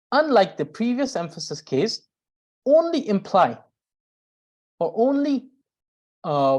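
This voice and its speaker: A woman teaching a grammar lesson, explaining carefully and often pausing with "uh" to restart a phrase. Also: medium pitch, a little mellow. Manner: explains slowly with frequent "uh" pauses and restarts; reads out example sentences. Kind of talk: recorded language lesson.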